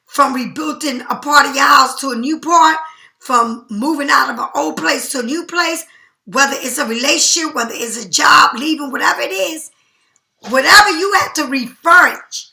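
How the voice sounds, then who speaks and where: A woman giving a casual, chatty tarot reading in an animated, slangy way. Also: high voice, roomy sound. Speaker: tarot reader.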